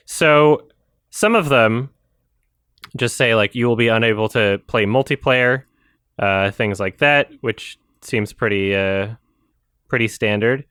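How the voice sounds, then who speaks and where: A man's voice: medium pitch, unhurried, fairly bright tone, clear, resonant tone, no echo, studio quality. A man hosting a podcast in casual chat, rambling and swearing, often correcting himself mid-sentence. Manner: rambling, profane, self-correcting. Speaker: podcast host.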